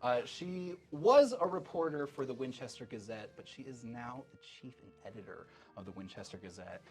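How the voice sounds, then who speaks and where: A man's voice: mid-range voice, lively intonation, moderate pace, darkish tone, breathy edge. Guy running a tabletop game, loose and chatty, faint music under him. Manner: loose, chatty, many fillers. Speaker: game master.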